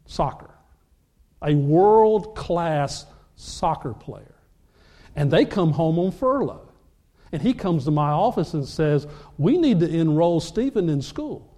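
A man preaching a sermon, telling a story with lively acted-out dialogue. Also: fairly high pitch, slow pace. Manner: animated storyteller, acts out dialogue. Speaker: pastor.

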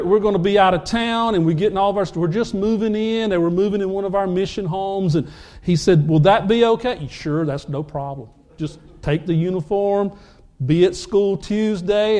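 A man preaching a sermon, telling a story with lively acted-out dialogue. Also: high-pitched. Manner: animated storyteller, acts out dialogue. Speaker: pastor.

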